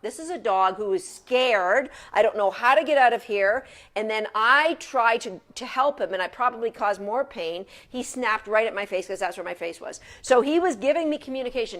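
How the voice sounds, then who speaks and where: A woman's voice: mid-range voice, fairly bright tone. A woman dog trainer giving an informal lecture from her couch at home in a chatty, casual way with frequent restarts.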